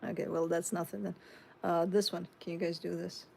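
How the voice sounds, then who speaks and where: A woman's voice: on the low side, flat delivery, a little fast, creaky, darkish tone, slight background noise. A woman with a Chicago accent hosting a tarot live stream, reading viewer comments aloud and chatting back casually.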